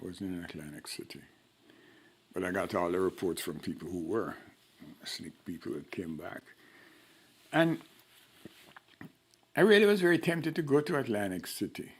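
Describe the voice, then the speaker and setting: A man's voice: low-pitched, lively intonation, moderate pace, pauses often, slightly rough. An older man with a Jamaican accent, telling stories in a wry, blunt way during an oral history interview. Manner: wry storyteller, blunt and frank.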